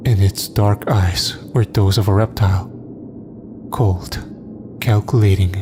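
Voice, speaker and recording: A man reading a horror story aloud in a measured, dramatic storytelling manner. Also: lowish voice, background noise. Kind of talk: scripted horror narration.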